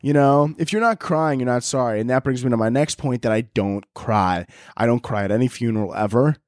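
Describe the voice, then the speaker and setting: A man's voice: mid-range voice, brisk, a little mellow, no echo, clean studio sound. A young man hosting a solo podcast, rambling crudely and laughing at his own jokes while lying on pillows at home. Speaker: podcast host. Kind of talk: casual solo podcast rant. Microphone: headphones and podcast mic.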